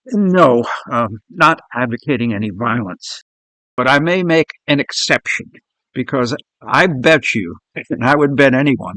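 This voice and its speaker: A man's voice: medium pitch, a bit bright, dry recording. Blunt male commentary host. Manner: scornful, blunt. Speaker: show host.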